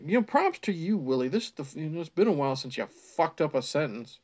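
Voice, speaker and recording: A man's voice: a little high, brisk, few pauses, a little mellow. Sardonic man mocking a bad novel. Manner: sardonic, exasperated, profane asides. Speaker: storytime host. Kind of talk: comedic reading with commentary.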